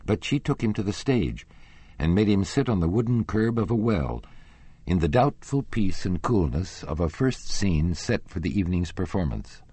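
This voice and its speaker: A man with a very low, husky voice narrates a classic novel in a measured, expressive way. His pitch moves widely through each sentence, and the recording is close and dry, with no room sound. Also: no room sound. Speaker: audiobook narrator.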